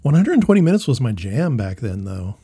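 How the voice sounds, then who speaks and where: A man with a slightly raspy voice, co-hosting a casual podcast chat and laughing easily. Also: medium pitch, big pitch swings, brisk, mellow. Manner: laid-back, laughs easily. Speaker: podcast co-host.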